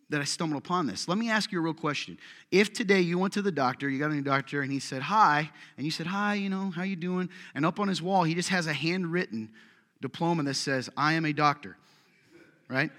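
A man's voice: a little high, bright, forceful tone. A man preaching a casual sermon, telling a story and joking with his congregation. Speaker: pastor. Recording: hall reverb.

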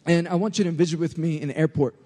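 Brief: New York youth pastor preaching live in a big church hall, crowd-rousing, slightly high-voiced, ringing reverb. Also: male voice, quick pace. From United States. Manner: lively, joking, calls for crowd response. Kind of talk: energetic sermon to a youth crowd.

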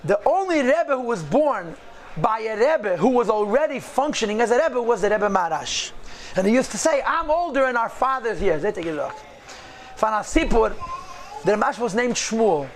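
A man, apparently a rabbi, telling a story in a lively way and mixing in Yiddish phrases. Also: high-pitched, normal speed, slight background noise. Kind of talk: storytelling talk.

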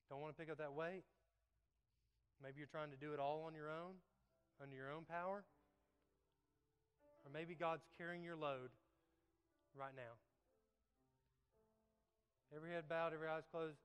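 A man's voice: a little high, a bit bright, clean tone. Man preaching in a reverberant church. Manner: conversational, repeats "okay?" often, earnest. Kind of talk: sermon with altar call. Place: church sanctuary. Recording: long reverb in a church hall.

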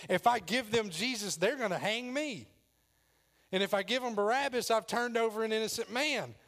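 A cornered, defensive Roman governor, pitched high and loud as he cries out in exasperation, put on by a man preaching. His manner is flustered and anxious throughout. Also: moderate pace. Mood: exasperated.

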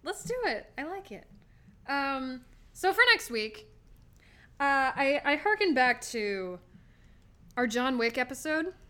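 Bright, giggly woman podcast co-host. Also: high-pitched, very animated, takes it slowly, pauses often, smooth. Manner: giggly, rambling with fillers. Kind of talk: casual movie-review chat.

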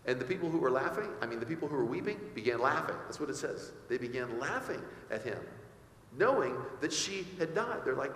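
A man's voice: medium pitch, very animated, moderate pace, a bit bright, slight background noise. A male pastor preaching a sermon, often asking his congregation rhetorical questions. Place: church sanctuary. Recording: echoey hall with faint ambience.

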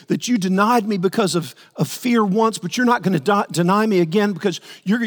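A male pastor preaching a sermon earnestly, repeating words as he builds his points and acting out the quotes. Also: sits high. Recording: long hall reverb.

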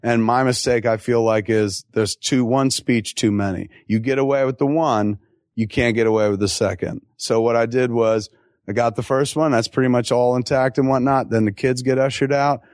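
A man answering audience questions at a live Q&A, telling stories in an animated, profane way with quick asides and acted-out quotes. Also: mid-range voice, dry recording, clean studio sound. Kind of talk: live Q&A storytelling.

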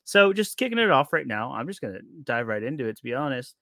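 A man hosting a casual podcast chat, out of breath, talking in an excitable, joking, rambling way. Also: mid-range voice, fast, dry recording, studio quality. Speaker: podcast host.

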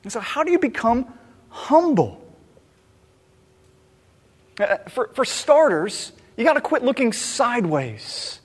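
A man delivers a sermon in a fairly high voice, earnestly probing his own motives through rhetorical questions. His words ring out with a long reverb, as if filling a large church sanctuary. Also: sing-song, slow pace, pauses often, husky. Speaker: pastor.

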